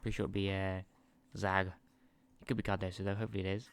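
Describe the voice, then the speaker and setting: A man's voice: sits low, level tone, fast, creaky, smooth. A man giving casual, chatty commentary over a football management game, easily distracted, laughing and swearing as he talks into a sensitive desk microphone. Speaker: gaming channel host.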